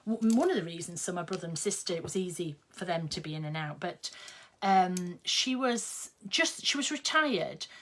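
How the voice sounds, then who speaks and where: A woman's voice: lowish voice, a bit bright. An older woman, chatting casually and rambling while she sews on a live stream. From England. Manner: chatty, rambling, with many ums. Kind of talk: casual chat while sewing.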